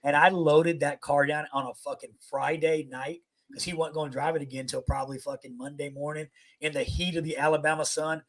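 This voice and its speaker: A man's voice: fairly high pitch, flat delivery, fairly quick, few pauses. A man, a Navy veteran, telling crude service stories on a casual podcast, swearing constantly. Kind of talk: casual profane storytelling.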